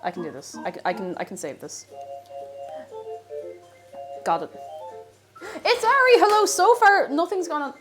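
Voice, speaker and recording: Her pitch is extremely high and swoops wildly, her pace moderate with long pauses, all over music. She's an Irish woman cooking in her home kitchen and casually chatting with her stream audience in a bubbly, talkative way, reading out viewer names.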